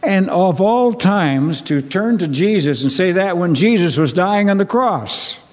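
A man preaching a sermon to his congregation, earnest and repetitive, often clearing his throat. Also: high voice, expressive, unhurried. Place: church sanctuary. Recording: long reverb of a church hall.

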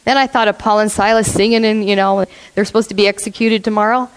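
A woman's voice: mid-range voice, steady tone, fast talker, smooth, rough recording. A woman preaching a sermon to a congregation. She asks the listeners questions, laughs often and acts out the voices in her stories. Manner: acts out quoted voices in a storytelling way.

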